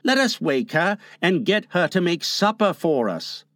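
A man's voice: sits high, big pitch swings, measured pace, a bit bright, no room sound, studio quality, full character voice. A man doing a small, pleading sleepy boy. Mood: plaintive. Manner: plaintive, pleading. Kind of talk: storybook reading.

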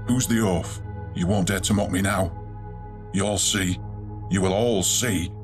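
A man voicing a vengeful military commander who gloats and bellows, with a low, altered timbre. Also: steady tone, measured pace, faint music behind. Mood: gloating.

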